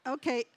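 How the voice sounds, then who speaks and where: A middle-aged woman giving a devotional talk at a church gathering, telling a homey story in a chatty way and laughing often between lines. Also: high voice. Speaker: lay speaker at a church gathering.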